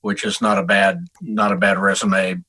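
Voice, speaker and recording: A middle-aged man from Texas, a guest musician, telling stories in a relaxed interview with frequent restarts. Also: sits low, normal speed, low-quality recording. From Houston, Texas. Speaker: guest saxophonist. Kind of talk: casual interview chat.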